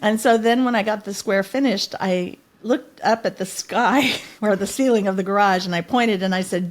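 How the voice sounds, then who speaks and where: A woman's voice: mid-range voice, normal speed, hardly any pauses. A middle-aged woman, a podcast guest, telling a personal story in an earnest, heartfelt way. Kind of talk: podcast interview.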